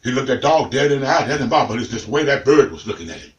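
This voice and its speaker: Animated storyteller man, roomy sound. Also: mid-range voice, rapid-fire, recorded from a distance, dull audio. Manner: animated, dramatic, addresses listener as man. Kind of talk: comic folk tale telling.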